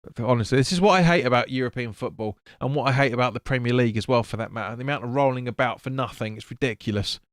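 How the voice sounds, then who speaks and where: Man, live football watch-along host, casual chatty commentary, smooth clear voice, dry close sound. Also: medium pitch, very fast, few pauses, no echo. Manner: casual, chatty, swears, stumbles over names. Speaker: fan stream host.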